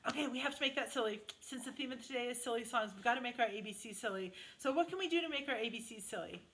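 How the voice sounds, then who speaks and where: High-voiced woman leading a sing-along. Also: fast talker, slight background noise. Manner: bouncy, sing-song, encouraging children. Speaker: music therapist. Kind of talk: children's sing-along lesson. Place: home, online session. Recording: guitar playing loudly behind.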